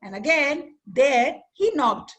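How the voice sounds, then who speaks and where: High-voiced storyteller lady, slow and animated, asks the kids stuff, video call mic. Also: a little hiss or hum. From India. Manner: animated, asks the children questions. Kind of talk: storytelling to children in a virtual session.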